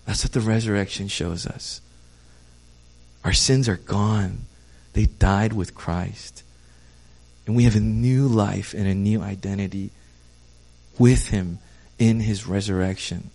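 Earnest pastor preaching, hushed to fervent. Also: male voice, lowish voice, slow, creaky, long pauses. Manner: earnest, stammering restarts, swings from hushed to fervent. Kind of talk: sermon.

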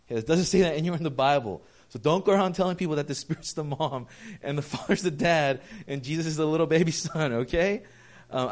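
A man's voice: fairly high pitch, darkish tone. Man preaching a casual, story-filled sermon. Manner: casual, storytelling, acts out dialogue. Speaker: pastor.

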